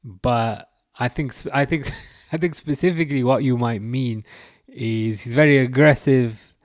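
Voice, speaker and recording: A man hosting a casual live football watchalong, reading out chat, laughing often and tripping over his words when he gets excited. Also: mid-range voice, measured pace, dry recording, studio quality. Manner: excitable, laughing, stumbling restarts. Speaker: livestream host reading chat.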